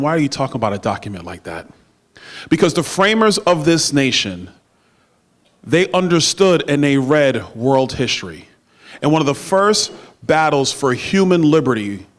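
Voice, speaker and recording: A middle-aged man giving a campaign stump speech at a dinner, with emphatic oratory and playful banter with the crowd. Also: medium pitch. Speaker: political speaker at a party dinner. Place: banquet room. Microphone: handheld microphone.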